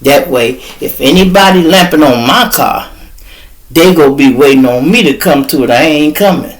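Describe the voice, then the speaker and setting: A man with a Chicago accent hosting a podcast, telling stories in an animated, profane way and acting out what others said. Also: a little high, normal speed. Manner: animated, profane, acts out quoted voices. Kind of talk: storytelling.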